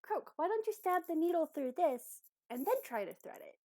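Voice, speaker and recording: A woman's voice: extremely high pitch, sing-song, normal speed, a little mellow, dry recording, clean studio sound, pitched above the performer's own voice. A woman voicing a kind, helpful female tiny tailor who explains things eagerly and patiently. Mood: bright. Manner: eager, chatty, patient teacher.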